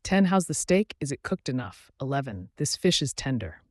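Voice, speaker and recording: A man reading numbered everyday phrases slowly and clearly for learners. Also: medium pitch, very animated, no room sound, studio quality. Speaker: English teacher.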